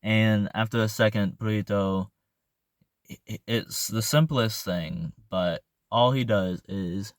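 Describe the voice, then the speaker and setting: Young man, casual movie review, rambling and filler-heavy, lowish voice, unhurried pace. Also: no room sound.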